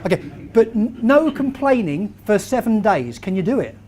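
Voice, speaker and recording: A man, giving a lively motivational talk to a live audience and quizzing the crowd as he tells stories. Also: high-pitched, moderate pace. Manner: animated storyteller, quizzes the crowd. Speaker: keynote speaker.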